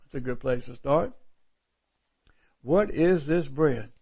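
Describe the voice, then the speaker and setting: A man's voice: medium pitch, animated, takes it slowly, gravelly, slightly rough. Middle-aged guy preaching, folksy, reads the bible then riffs on it, dull lo-fi sound. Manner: folksy, repeats phrases for emphasis. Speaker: pastor. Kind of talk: sermon with scripture reading. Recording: dull lo-fi recording.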